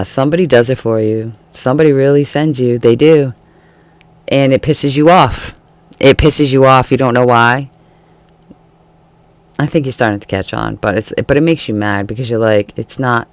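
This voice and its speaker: A man's voice: mid-range voice, moderate pace, clear, resonant tone, no room sound. A man giving a casual tarot reading, chatty and laughing often, acting out the feelings he describes. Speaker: tarot reader.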